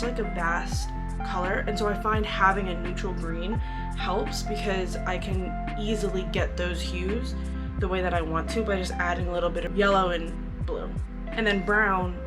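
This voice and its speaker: A young adult woman painter in her home art studio, chatting casually for her vlog in a rambling way full of "like" fillers. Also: mid-range voice. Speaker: painter and vlogger.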